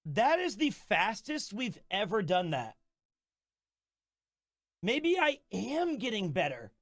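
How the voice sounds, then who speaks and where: A man chats to his stream with eager, rambling energy, circling back on his own phrases. His voice sits high. The sound is close and dry, with no room around it. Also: sing-song, takes it slowly, fairly bright tone, no echo. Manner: enthusiastic, rambling with restarts. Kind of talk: casual live-stream chat.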